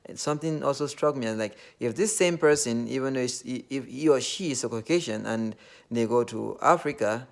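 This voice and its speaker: A man's voice: mid-range voice, brisk, gravelly. A man from Nigeria with a Nigerian accent, talking in a casual, earnest monologue full of fillers. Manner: earnest, loosely phrased with many fillers.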